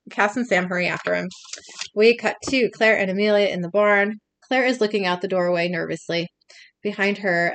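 A young woman co-hosting a podcast reads scenes aloud in a casual episode recap, often laughing and breaking off mid-read. Her mid-range voice is gravelly and a bit bright, with no echo.

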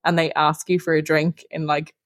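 A woman's voice: deep voice, little pitch movement, moderate pace, dry recording, studio quality. A young Irish woman co-hosting a casual travel podcast, chatty and full of fillers. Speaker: podcast co-host. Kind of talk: casual chat.

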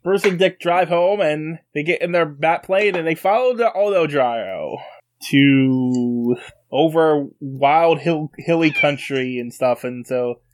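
A man talks casually as a podcast co-host, walking through a story with frequent stops and restarts. His voice sits a little on the high side. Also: lively intonation. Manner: recaps the plot haltingly with restarts. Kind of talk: casual chat.

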